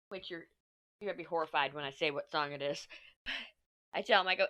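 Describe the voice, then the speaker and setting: A woman's voice: low-pitched, animated, brisk, long pauses, bright, forceful tone, no echo. A woman in her thirties from Texas with a mixed Texan and New York accent, chatting casually while crafting. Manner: chatty, rambling, swears casually. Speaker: crafting vlogger. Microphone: mic at desk.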